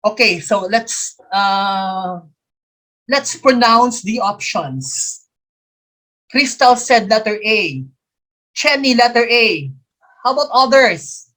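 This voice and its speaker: A woman's voice: fairly high pitch, expressive, slow pace, long pauses, a bit bright. A woman with a Filipino accent teaching a live exam review quiz, repeating each question and answer and slipping into Tagalog. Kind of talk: live online quiz coaching.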